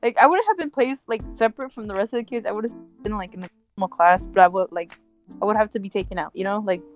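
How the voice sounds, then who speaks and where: Chatty young woman with a mid-pitched voice. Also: fast, faint music behind. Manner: chatty, hesitant, many fillers. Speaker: podcast co-host. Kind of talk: casual chat.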